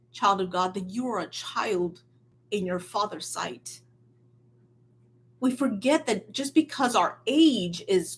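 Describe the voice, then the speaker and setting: A woman preaching a sermon in an earnest, emphatic way, swinging between loud stresses and quiet, near-hushed lines. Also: mid-range voice, breathy edge.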